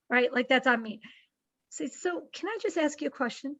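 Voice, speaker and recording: Woman podcast guest, high voice, animated storyteller, dry and slightly dull sound. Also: fast talker, dry recording. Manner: acts out quoted dialogue with lively shifts in pace. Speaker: nonprofit executive, guest.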